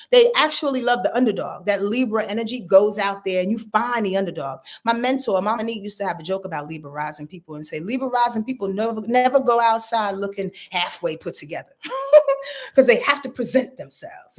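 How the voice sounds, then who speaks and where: A woman reads astrology charts for viewers during a casual home livestream. Her talk is animated and slangy, and she speaks directly to the people watching. Her voice sits at a middle pitch for a woman. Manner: animated, slangy, talks straight to viewers, laughs often. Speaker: astrologer doing live readings.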